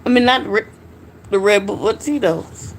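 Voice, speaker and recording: A woman's voice: medium pitch, normal speed, a little hiss or hum. A woman hosting a casual late-night livestream, tipsy and hiccuping, chatting loosely with viewers and swearing freely. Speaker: livestream host.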